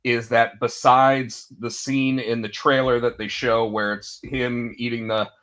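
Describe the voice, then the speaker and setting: Man, podcast co-host, casual chat, rambling, mid-pitched voice. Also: flat delivery, a little slow, fairly bright tone. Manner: rambling storyteller, acting out quotes.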